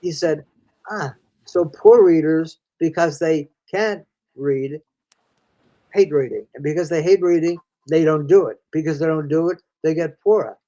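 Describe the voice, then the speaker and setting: A man's voice: on the high side, unhurried, warm tone, rough recording. Folksy older man explaining reading. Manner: folksy, addresses listener as "friend", many restarts. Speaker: reading specialist guest. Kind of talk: conversational explaining.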